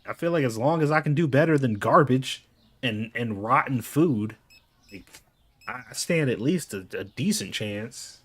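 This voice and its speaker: A man's voice: medium pitch, animated, a little slow, husky. A man talking loosely while playing a game, rambling and leaning on "like" with casual swearing. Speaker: gaming YouTuber. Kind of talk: casual gameplay commentary.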